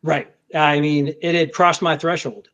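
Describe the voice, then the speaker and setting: A man, a federal agent, recounting a confrontation in casual conversation, repeating words and acting out what was shouted. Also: on the high side, measured pace. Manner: animated, restarts often, acts out shouted quotes. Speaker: federal agent telling a story. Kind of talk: conversational storytelling. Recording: dull lo-fi podcast audio.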